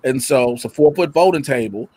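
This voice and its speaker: A man chatting casually from his home setup, telling animated stories, loudly acting out quotes and swearing freely. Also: mid-range voice, brisk, slightly rough, dry recording. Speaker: guest. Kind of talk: casual chat. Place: home room with a computer setup. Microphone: computer mic or camera.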